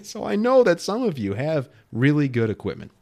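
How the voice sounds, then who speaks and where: A man's voice: fairly high pitch, moderate pace, vocal fry. A man in his late thirties hosting a podcast, talking straight to his listeners in an emphatic, persuasive way. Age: 30s. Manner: emphatic, animated, addresses listeners directly. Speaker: podcast host. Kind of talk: solo podcast talk.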